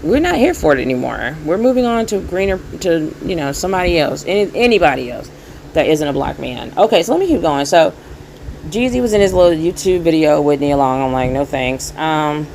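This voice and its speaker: A young woman, hosting a casual commentary show in a sarcastic, rambling, animated way. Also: deep voice, creaky, slight background noise, rough recording. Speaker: commentary channel host.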